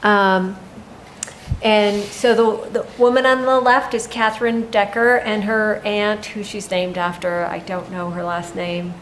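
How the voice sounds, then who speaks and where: A woman delivers her coordinator's update at a town meeting at a slow, easy pace. She talks informally and stops often to gather her thoughts. A faint hum sits under her voice. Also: mid-range voice, fairly even intonation, poor audio. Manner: unhurried, informal report with frequent pauses. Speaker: land stewardship coordinator. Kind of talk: staff report at a town meeting.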